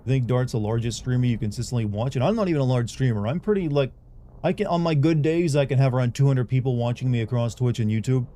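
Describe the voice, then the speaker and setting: A man's voice: mid-range voice, fast talker, mellow. A young man chatting casually on a livestream, rambling and candid as he talks to his viewers.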